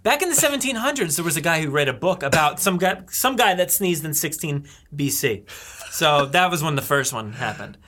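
A man's voice: on the high side, very animated, fairly quick, pushed and bright. A man co-hosting a casual podcast chat, teasing and rambling with frequent laughs. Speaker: podcast co-host.

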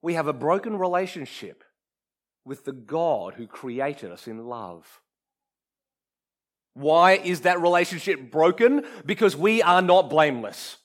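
An earnest man delivers a sermon in a notably high voice. He preaches with emphasis, building his points and then letting key words fall to a quiet hush. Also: animated, a little slow. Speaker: pastor.

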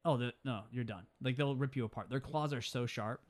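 A man's voice: mid-range voice, a little fast. A man casually recapping a film on a podcast, emphatic and rambling, often restarting his sentences. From California. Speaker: podcast co-host. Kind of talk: casual movie recap chat.

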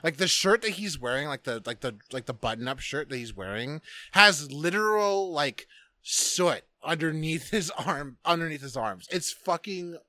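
A man's voice: a little high, lively intonation, normal speed, pushed and bright, dry recording. A man co-hosting a podcast, casually retelling a movie scene by scene, rambling and profane with lots of restarts and fillers. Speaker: podcast co-host recapping a film. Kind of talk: casual chat.

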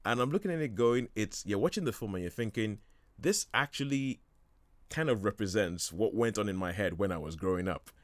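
A man with a slightly low voice rambles eagerly about a film, full of false starts and quick laughs. The sound is dry and close, with no room echo at all. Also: animated. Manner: enthusiastic, rambling, laughs often. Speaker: film reviewer on a radio show. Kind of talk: casual chat.

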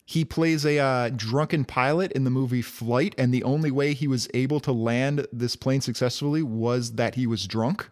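A man's voice: mid-range voice, fairly even intonation, moderate pace, hardly any pauses, darkish tone. A man co-hosting a casual comedy podcast, explaining things with wry, joking asides. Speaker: podcast co-host. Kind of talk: casual comic-book podcast chat.

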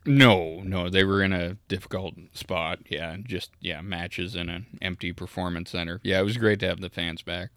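A man with a low voice, co-hosting a casual podcast. He mostly reacts in short bursts and laughs a lot, and his voice sounds close and dry. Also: steady tone, normal speed, few pauses, a bit bright, no echo. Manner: laughs often, brief reactions. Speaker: podcast co-host. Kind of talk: casual chat.

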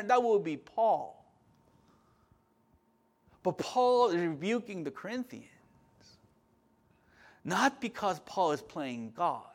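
Preaching with passion, this male pastor speaks in a high-sitting voice, alternating booming emphasis with hushed asides and frequently restarting or repeating himself.

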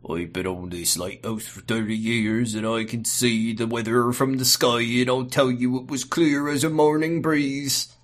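A man's voice: mid-range voice, steady tone, unhurried, hardly any pauses, natural voice. A man voicing a boastful old male lighthouse keeper, set in his ways, in a folksy drawl.

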